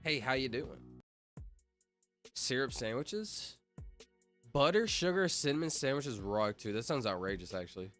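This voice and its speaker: Man, livestream chatter, bright voice, lively pitch, rambling, faint music behind. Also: unhurried, long pauses. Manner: rambling, joking, reading chat aloud. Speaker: streamer. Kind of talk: casual livestream chat.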